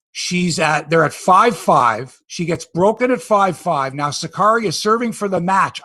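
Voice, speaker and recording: A Canadian man hosting a casual sports podcast, telling stories with animated tangents. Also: a little high, dry recording. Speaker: podcast host.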